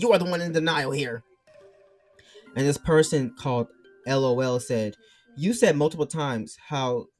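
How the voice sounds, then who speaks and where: A man's voice: mid-range voice, a little mellow. A man ranting casually to his viewers, reading chat messages aloud and arguing back, his mic turned backwards. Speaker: streamer.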